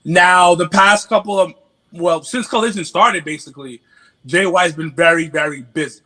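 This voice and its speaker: A man from New York with a New York accent, a podcast guest in casual chat, animated and stammering through restarts. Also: high-pitched, normal speed.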